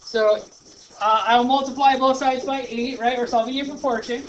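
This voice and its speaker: A male teacher working through a problem step by step in a classroom lesson, chatty and thinking out loud. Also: very high-pitched, steady tone, moderate pace, muffled recording. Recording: noisy classroom recording.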